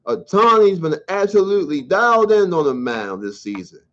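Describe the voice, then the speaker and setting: Profane ranting sports host, lo-fi. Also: male voice, high voice, big pitch swings, normal speed, a bit bright. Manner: blunt, profane, ranting, conversational slang. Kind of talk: solo sports rant show. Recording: dull lo-fi sound.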